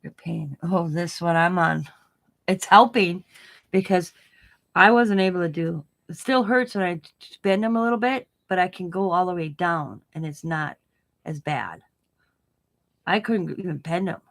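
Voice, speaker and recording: A woman's voice: lowish voice, normal speed, gravelly. A woman hosting her craft channel, chatting casually as she works. She rambles, giggles often, repeats herself and has a light stutter. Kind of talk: casual chat while crafting.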